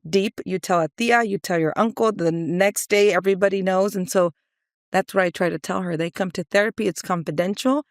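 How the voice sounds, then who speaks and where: Woman therapist, conversational guest. Lively storytelling, mid-pitched, dry close mic. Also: brisk, dry recording. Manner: lively storyteller, acts out family dialogue with laughs. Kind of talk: casual podcast discussion.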